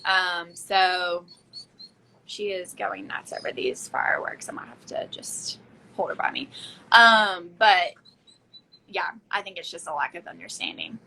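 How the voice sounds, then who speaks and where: Bright-voiced chatty woman host. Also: fairly low pitch, measured pace, vocal fry, a little hiss or hum, rough recording. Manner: chatty, many fillers. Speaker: podcast host. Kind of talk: casual chat.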